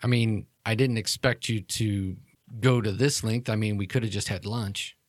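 A man's voice: lowish voice, fairly even intonation, normal speed, dry recording, clean studio sound, natural voice. A man voicing a woman who is the long-lost sister, glib and bitter, talking casually and swearing. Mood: offhand.

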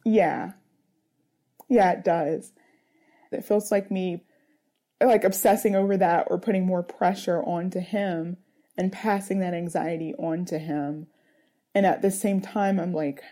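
Earnest mother with a very dark tone. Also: lowish voice, steady tone, a little slow, long pauses. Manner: earnest, searching, with many fillers. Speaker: interviewee, mother. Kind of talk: reflective personal interview.

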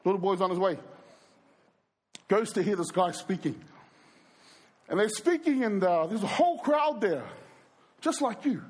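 A male preacher telling stories during a sermon, animated and speaking straight to the crowd. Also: sits high, measured pace, pauses often, husky. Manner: animated storyteller who acts out quoted voices and addresses the crowd. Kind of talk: storytelling sermon.

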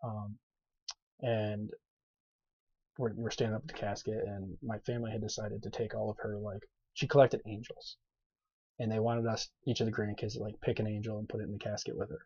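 A man, a podcast guest, telling stories in casual chat, animated, with lots of fillers and laughter in his lines. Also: on the low side, a little fast, breathy edge, no echo. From grew up on a farm. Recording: dull lo-fi podcast audio.

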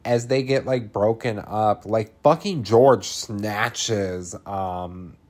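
A man's voice: fairly low pitch, slow, a little mellow. A man hosting a podcast, recapping a horror film in casual chat, laughing often, swearing freely and throwing in dramatic asides.

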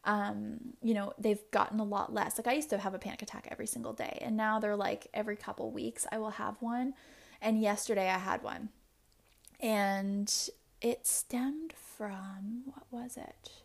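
Young adult female podcast host, confessional and rambling, with noticeable vocal fry. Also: mid-range voice, little pitch movement, moderate pace. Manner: open and confessional, rambling with many "like" fillers. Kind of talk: candid solo podcast talk.

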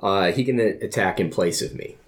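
A man's voice: deep voice, brisk. A man playing in a casual tabletop game, calling out his moves in a playful way. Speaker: player.

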